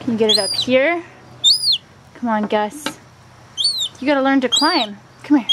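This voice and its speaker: A woman's voice: fairly high pitch, normal speed, long pauses. A woman filming her pet seagull chick, coaxing and cheering it on in sing-song baby talk. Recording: loud background noise and bird chirps.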